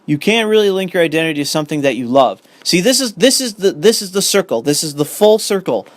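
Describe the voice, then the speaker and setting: Young man, ranting commentary, profane, sarcastic, higher voice, dry close mic. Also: sing-song, quick pace, no room sound. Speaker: commentary host. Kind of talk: ranting commentary, reading an article aloud.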